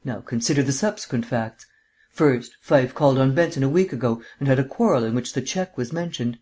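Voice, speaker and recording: A man's voice: medium pitch, fairly quick, darkish tone, natural voice. A man reading aloud as a languid, erudite male amateur detective with a drawling, mannered, lecturing manner. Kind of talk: audiobook character reading.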